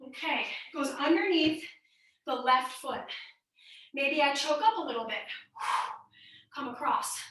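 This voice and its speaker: Woman, fitness instructor, high bright voice, light Midwestern accent, echoey room, mic some way off. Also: expressive, unhurried, pauses often, recorded from a distance. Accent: Midwestern American. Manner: upbeat, encouraging coaching while exercising. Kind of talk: workout class instruction.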